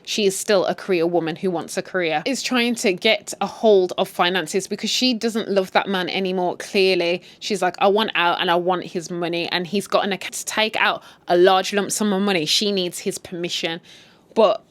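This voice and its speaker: A woman's voice: medium pitch, moderate pace, no echo. A woman casually retelling a drama series in a chatty, candid way, often saying "like". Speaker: series recap host.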